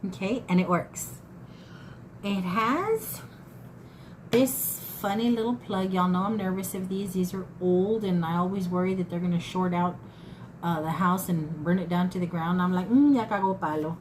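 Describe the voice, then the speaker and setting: A woman's voice: fairly low pitch, fairly even intonation, moderate pace, low-quality recording. Woman in her fifties, folksy chatty vlogger, thrift haul talk, faint background hiss. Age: 50s. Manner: chatty, folksy, addresses viewers as y'all. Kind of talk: casual haul chat to camera.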